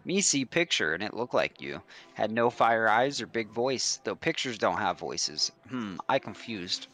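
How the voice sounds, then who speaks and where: A man's voice: fairly low pitch, sing-song, unhurried, fairly bright tone, voice pushed down. A man voicing a big, dim-witted male ogre who talks in broken, simple sentences and sounds confused. He reads it live while playing a game. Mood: menacing.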